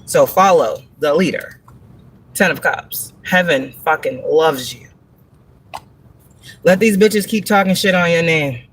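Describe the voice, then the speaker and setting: A woman's voice: on the low side, normal speed. A woman reads tarot live, blunt and heavy on profanity. She drives each point home with rhetorical questions and breaks into laughter often. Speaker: tarot reader on a livestream. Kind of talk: live tarot reading monologue.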